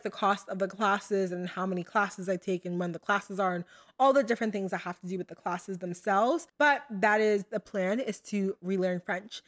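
Bubbly chatty young American woman. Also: mid-range voice. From United States. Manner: chatty, bubbly, lots of fillers and asides to listeners. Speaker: podcast host. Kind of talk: casual solo podcast talk.

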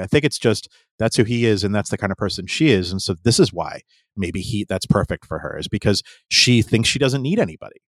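A man's voice: on the low side, dry recording, clean studio sound. A man in casual conversation about a book, asking questions and analyzing how the story is told. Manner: asks probing questions, analytical.

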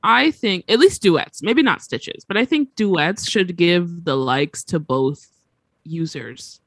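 A woman with a fairly low voice gives her views in a relaxed group chat. Her pitch moves up and down expressively, and the recording is dry and close. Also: takes it slowly, dry recording. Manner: expressive, opinionated.

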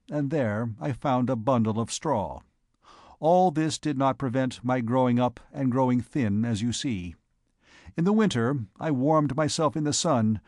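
A man's voice: medium pitch, a little mellow, no room sound, clean studio sound, close to an everyday voice. A man voicing a chatty, self-mocking young vagabond poet in a storybook reading.

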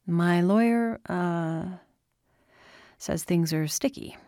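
A woman's voice: lowish voice, dark tone, dry recording, clean studio sound. A woman voicing a distraught young woman pleading with her father in an audiobook. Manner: urgent, pleading, rapid questions.

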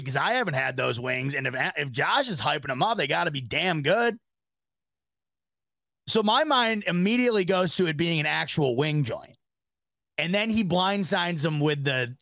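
A male podcast host talks casually about sports in a loose, rambling way. He tells stories with animation at a middle pitch. His voice is recorded dry and close. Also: lively intonation, normal speed, gravelly, sharp tone, no echo.

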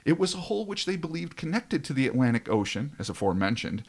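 A man's voice: on the high side, sing-song, fast talker. A man hosting a casual podcast, reading a dramatic script aloud and breaking off into joking asides. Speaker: podcast host.

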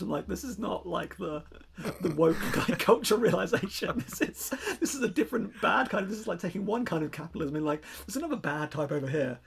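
A man's voice: high voice, lively intonation, quick pace, creaky, a little hiss or hum. A man co-hosting a film podcast, chatting casually in a rambling, playful way and feeling lethargic from covid. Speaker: podcast co-host.

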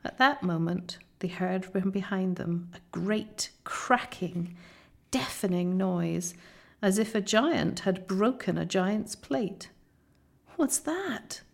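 Woman narrator reading a classic children's story, unhurried, a creaky edge, soft delivery. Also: medium pitch. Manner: slow, soft storytelling, often near a whisper. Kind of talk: audiobook reading.

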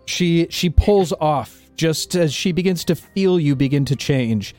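A man narrating a tabletop adventure as dungeon master. His voice sits a little high and his delivery is slow and unhurried. Soft music plays faintly behind him. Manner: slow, descriptive narration with hesitations.

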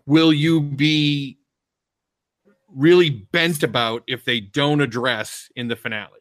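A man talking casually in a podcast discussion, animated and rambling with restarts. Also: mid-range voice, slow pace, no echo. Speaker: podcast co-host. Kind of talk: casual chat.

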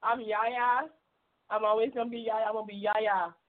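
A woman hosts a casual community radio show, speaking in a slightly high voice. She is effusive and encouraging and laughs easily with her callers. The sound is thin and tinny, as if heard over a phone line. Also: level tone, normal speed.

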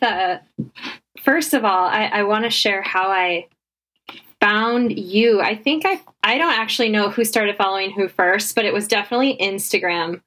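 A woman's voice: mid-range voice, a bit bright, poor audio. A woman hosting a podcast interview, bubbly and upbeat in casual chat. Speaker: podcast host.

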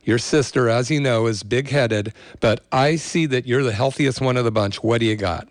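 A man's voice: medium pitch, moderate pace, no echo, lightly acted. A man voicing a stubborn, sick older woman in a hospital bed who bluntly refuses her food.

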